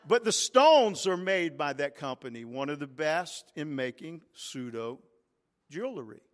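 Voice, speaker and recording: A man's voice: a little high, big pitch swings, a little slow, in a large hall. A man, a pastor, preaching a sermon with call-and-response and swelling emphatic peaks. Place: large church sanctuary.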